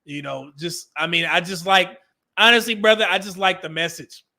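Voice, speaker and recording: A man's voice: sits high, moderate pace, vocal fry, sharp tone. A man with a Californian accent hosting a live stream in casual, joking talk, often laughing and reading out viewer messages.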